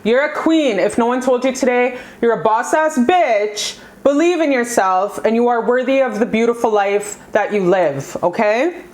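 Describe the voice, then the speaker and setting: A young woman doing a pick-a-card tarot reading, her voice sitting a little high. She gushes and talks in slang, swears freely and speaks straight to her viewers as "you guys.". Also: lively intonation, normal speed, hardly any pauses, a little mellow. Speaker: tarot reader.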